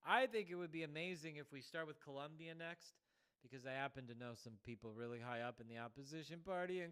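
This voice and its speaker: A man's voice: fairly high pitch, fast talker, fairly bright tone, smooth. A man hosting a show, giving a rambling political monologue full of "like" fillers. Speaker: show host.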